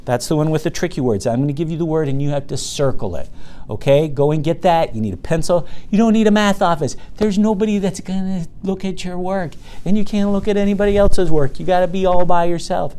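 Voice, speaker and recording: A man teaching a reading lesson to young children, speaking slowly and patiently in a sing-song way and stretching words out. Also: clear, resonant tone. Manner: bursts loud and high when excited.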